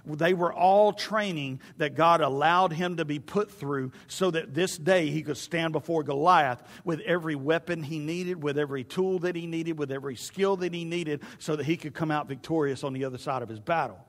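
Fervent high-voiced male pastor. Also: moderate pace, hardly any pauses, in a large hall. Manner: fervent, swings from loud to hushed. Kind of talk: sermon.

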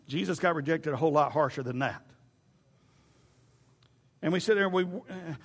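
Male pastor, fervent sermon, high voice, in a reverberant hall. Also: normal speed, pauses often, breathy edge. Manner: fervent, swings from loud to hushed.

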